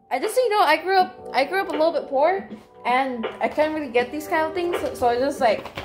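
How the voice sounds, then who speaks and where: A young adult woman chatting casually in a crafting vlog, excitable, rambling and swearing freely. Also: a little high. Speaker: vlogger.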